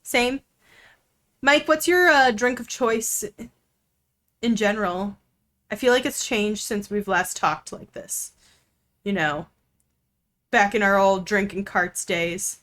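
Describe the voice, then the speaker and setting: A woman's voice: medium pitch, slow pace, pauses often, a bit bright. A woman streamer chatting casually with her viewers while playing a game, with plenty of fillers.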